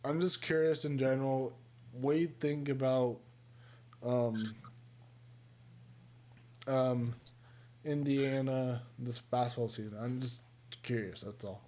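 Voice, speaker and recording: Slow hesitant short-of-breath man. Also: mid-range voice, steady tone, warm tone. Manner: hesitant, many ums, trails off. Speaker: caller. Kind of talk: casual call-in chat.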